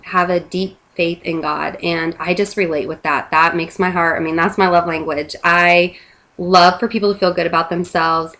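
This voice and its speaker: A woman's voice: fairly low pitch, a bit bright. A woman in her thirties, a mother, earnestly talking about a product she believes in, with many fillers and restarts. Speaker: product promoter. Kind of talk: casual testimonial monologue.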